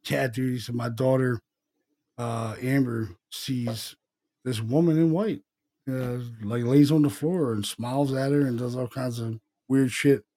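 A man's voice: mid-range voice, fairly even intonation, unhurried, warm tone. A middle-aged man co-hosting a podcast, telling a rambling ghost story in casual chat and acting out the dialogue. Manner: rambling, profane, retells dialogue in quotes. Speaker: podcast co-host.

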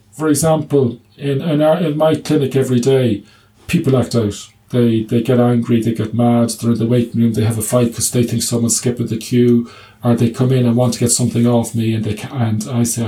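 A man's voice: medium pitch, dark tone. A middle-aged man, a clinic doctor answering interview questions, stumbling over restarts and telling anecdotes with humour. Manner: hesitant restarts, anecdotes with quoted dialogue and humour.

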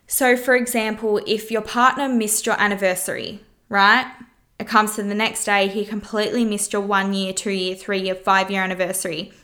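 A woman's voice: mid-range voice, a bit bright. A woman hosting her podcast, giving frank relationship advice in a casual monologue, swearing freely and asking rhetorical questions. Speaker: podcast host.

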